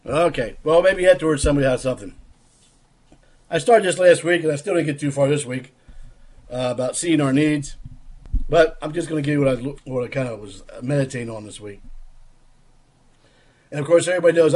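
A man's voice: mid-range voice, darkish tone, husky. A man hosting an online prayer room, preaching earnestly and quoting hymn lines. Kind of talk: casual sermon.

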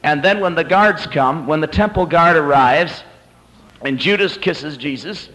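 A male preacher giving a sermon at a convention, retelling a story dramatically and swinging from hushed to climactic. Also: fairly high pitch, measured pace, rough recording.

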